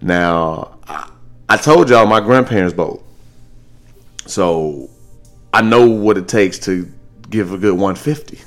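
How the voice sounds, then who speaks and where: A man hosting a podcast, telling stories in a casual, animated way, with his voice jumping higher when he jokes. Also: slow, pauses often, soft background music. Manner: animated storytelling, jumps high when joking. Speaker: podcast host.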